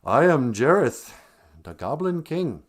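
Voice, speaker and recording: A man's voice: fairly high pitch, sing-song, takes it slowly, pitched above the performer's own voice, heavily acted. A man voicing a haughty male goblin king in a theatrical, taunting sing-song. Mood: grand.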